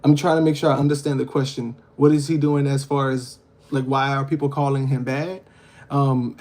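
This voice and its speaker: A man's voice: mid-range voice, warm tone. A man hosting a casual livestream, talking earnestly to his viewers and asking them questions. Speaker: livestream host.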